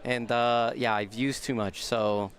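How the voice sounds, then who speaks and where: A man's voice: mid-range voice, fairly even intonation, unhurried, fairly bright tone. Joking man guest on a card stream. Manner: joking, playful trash talk. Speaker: guest player. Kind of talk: casual chat on a livestream.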